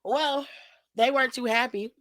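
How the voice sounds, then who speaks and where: A woman's voice: high-pitched, normal speed, fairly bright tone, no echo, rough recording. A woman hosting her own wrestling recap show, talking sassy and gossipy in a slangy way with lots of asides to her viewers. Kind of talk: casual recap commentary to camera.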